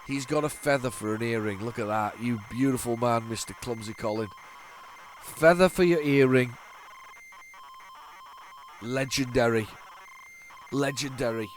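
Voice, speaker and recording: Sleepy middle-aged guy rambling over old games, sarcastic, mid pitch, bit of hiss behind. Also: moderate pace. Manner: rambling, chatty, many restarts, sarcastic asides. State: tired, yawning. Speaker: retro gaming channel host. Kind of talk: casual commentary while loading games.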